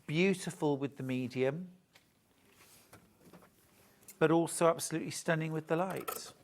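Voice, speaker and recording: A man's voice: a little high, a little fast, a little hiss or hum. A man presenting a live shopping show, chatting and joking as he gushes over fabrics. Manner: chatty, gushing, jokey. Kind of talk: live sales chat.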